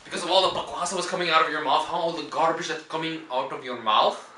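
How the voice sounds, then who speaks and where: A man's voice: on the high side, fairly even intonation, quick pace, sharp tone, pitched below the performer's own voice. A man voicing a strict, angry middle-aged dad who scolds in broken English. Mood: scolding. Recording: echoey and distant with faint noise.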